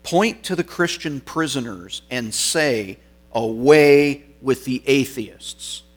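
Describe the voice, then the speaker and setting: A man voicing a commanding Roman governor who issues forceful demands and threats in a sermon story. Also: medium pitch, expressive, takes it slowly. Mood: stern.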